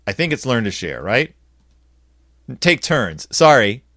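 Lively sarcastic man reviewing a book. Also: medium pitch, a little slow, noisy background. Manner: animated, sarcastic, acts out quoted lines in flat voices. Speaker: podcast host reviewing a children's book.

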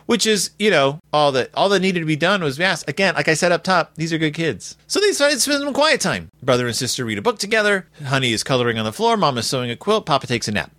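Sarcastic male host, very animated, bright and dry-sounding. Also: on the high side, fast talker, few pauses, no room sound. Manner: sarcastic, exaggerated, rambling. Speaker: podcast host reviewing a children's book. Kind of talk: comedic book recap.

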